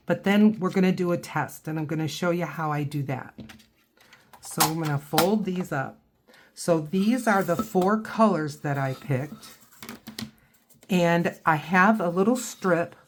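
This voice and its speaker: A woman's voice: on the low side, a little hiss or hum. A woman giving a casual painting tutorial, chatting and thinking aloud as she works. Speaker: watercolor instructor.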